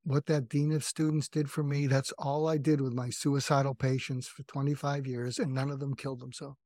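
A man's voice: medium pitch, level tone, normal speed, mellow, no room sound. Older man, earnest, dry close sound. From New England, US. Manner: earnest, reflective, self-revealing. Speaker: psychiatrist guest. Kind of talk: candid personal storytelling.

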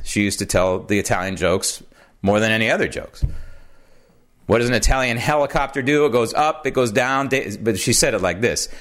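A man hosting a political commentary show, talking in an animated, sarcastic monologue. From United States. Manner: animated, sarcastic, swings pitch for emphasis. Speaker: podcast host.

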